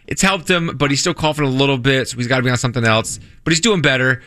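Rich: A young man talks casually on a radio show, circling back and restarting his sentences as he tells a story. His voice is bright and forward. He is recorded on a dry, close studio mic. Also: medium pitch, fast talker, clean tone, dry recording. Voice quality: rambling, self-interrupting storyteller. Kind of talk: casual chat.

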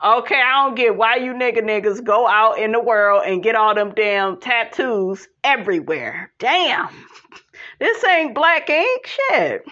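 A woman's voice: on the high side, expressive, a little slow, bright, forceful tone. A woman giving a sassy, blunt and profane recap of a reality show, calling her viewers honey and child. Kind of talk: animated casual commentary. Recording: slightly dull lo-fi sound.

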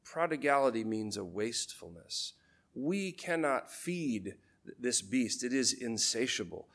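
A man, a priest, preaching a sermon in a measured, deliberate way, letting key phrases fall low for emphasis.

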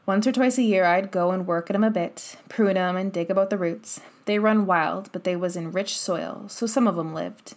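A woman's voice: lowish voice, darkish tone, lightly acted. A woman doing Ben Weatherstaff, a grumbling old gardener. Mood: grudging. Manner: slow, grunting, cross. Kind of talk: audiobook character voice.

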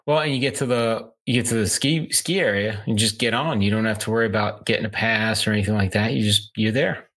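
A man co-hosting a podcast, reasoning through prices in a relaxed, agreeable way. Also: lowish voice, fast, hardly any pauses. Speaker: podcast co-host. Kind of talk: casual chat.

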